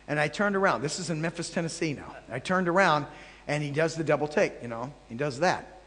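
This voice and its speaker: A man teaching a live audience as a traveling Bible teacher, telling animated anecdotes with jokey asides to the crowd. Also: on the high side, brisk. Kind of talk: storytelling sermon. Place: large hall before a live audience. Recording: long hall reverb.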